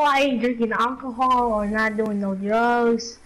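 A woman's voice: a little high, steady tone, a little slow, poor audio. A woman gaming with a friend, boastful and goofy in casual chat. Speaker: gamer.

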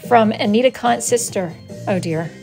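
A woman with a slightly high voice hosts a casual live stream and reads viewer messages out loud. She has a dry, sarcastic delivery and playfully scolds her viewers. Faint music plays underneath. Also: normal speed, creaky. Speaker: wood-burning artist hosting a live stream.

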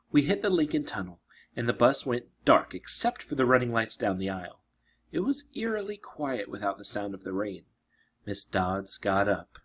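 A man reading a children's adventure novel aloud, narrating expressively with dramatic slowdowns. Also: fairly low pitch, big pitch swings, fairly bright tone, breathy edge. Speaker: reader. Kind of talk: storybook read-aloud.

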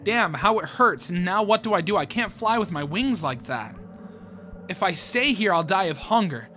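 A man's voice: high-pitched, expressive, normal speed, sharp tone. A man voicing an exhausted, injured female pegasus pony in a tired, strained reading. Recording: music playing underneath.

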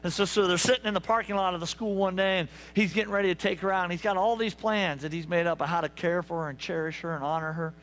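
A man preaching a sermon, telling stories with lively asides to the congregation. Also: high-pitched, fast talker, few pauses. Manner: animated storytelling with asides to the congregation. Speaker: pastor. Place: church sanctuary.

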